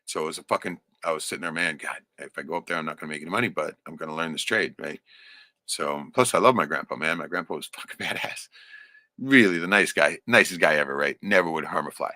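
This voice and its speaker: A man's voice: a bass voice, fast talker, bright, forceful tone, no echo, studio quality. A middle-aged man telling a rambling, profane personal story in casual chat. He laughs often and keeps checking in with "right?".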